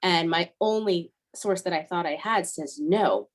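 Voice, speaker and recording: A woman's voice: fairly low pitch, a little slow. A woman, an airline first officer, telling a personal story as an interview guest, earnest and repeating key lines for emphasis.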